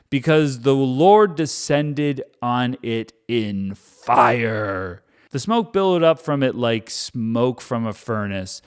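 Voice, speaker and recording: A man's voice: medium pitch, clean tone. A man reading scripture aloud and breaking off into wry, chatty, joking commentary. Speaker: Bible reader and commentator.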